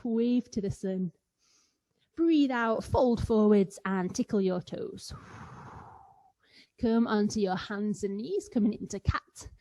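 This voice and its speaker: With a warm tone and medium pitch, a female kids yoga teacher guides young children through playful yoga, occasionally breaking into animal noises.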